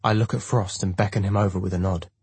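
Male narrator reading a story, kinda low and husky, dry close sound. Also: steady tone, fast talker, a little mellow, no echo. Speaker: audiobook narrator. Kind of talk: first-person audiobook narration.

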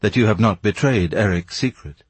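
A man's voice: lowish voice, moderate pace, slightly rough, dry recording. A man reading as a mysterious grave stranger.

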